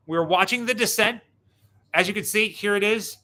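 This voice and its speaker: Male livestream co-host, slightly high, bright tone, playful and self-deprecating. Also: normal speed. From Pittsburgh, USA. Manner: joking, teasing, self-deprecating. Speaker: co-host of a livestream watch party. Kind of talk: casual livestream chat. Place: hotel room on the road.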